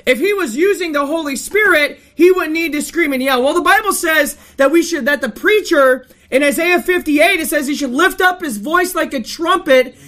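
High-voiced woman preaching emphatically. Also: normal speed, hardly any pauses, a bit bright. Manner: emphatic, rebuking. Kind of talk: sermon with Bible reading.

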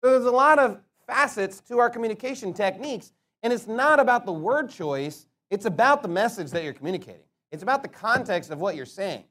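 Male preacher, high voice, emphatic sermon delivery with rhetorical questions. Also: lively intonation, a bit bright. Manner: emphatic, rhetorical questions, slows to stress words.

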